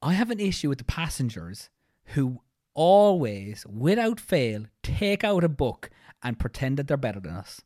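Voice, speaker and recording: A woman co-hosting a podcast, talking quickly and jokingly in casual chat. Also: very deep voice, big pitch swings, a little mellow, dry recording, studio quality. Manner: fast-talking, jokey, breaks into mock announcer voices. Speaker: podcast co-host.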